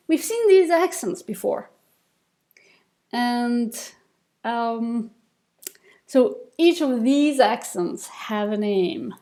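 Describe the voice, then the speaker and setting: A woman giving a recorded reading lesson, taking each step slowly and patiently. Her voice sits a little high but sounds mellow and soft-edged. She pauses with fillers and restarts as she explains. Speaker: Tibetan reading teacher. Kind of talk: recorded lesson over slides.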